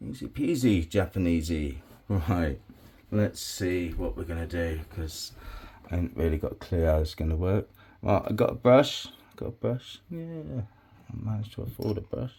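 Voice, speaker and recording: A man's voice: sits low, expressive, moderate pace, mellow, slight background noise. A man making clay pots as he talks, rambling and swearing freely, often muttering asides under his breath. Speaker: crafting hobby vlogger. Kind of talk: casual crafting tutorial.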